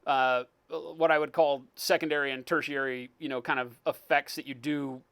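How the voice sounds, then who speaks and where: A man's voice: fairly high pitch, steady tone, moderate pace, fairly bright tone, clear, resonant tone. A man hosting a live painting stream, chatting casually, joking and greeting viewers by name. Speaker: livestream host, miniature painter.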